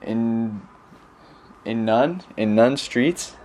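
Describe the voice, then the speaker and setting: Young male missionary, casual voice message home, rambling, filler-heavy, mid-pitched. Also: lively intonation, extremely slow, darkish tone, a little hiss or hum. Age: young adult. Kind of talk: casual recorded message to family.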